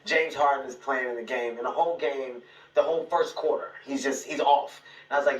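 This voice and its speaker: Male comedian, playful storyteller, slightly high voice, roomy sound. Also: fairly quick, a little hiss or hum. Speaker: comedian guest. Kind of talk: talk show anecdote. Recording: roomy, distant, loud music over it.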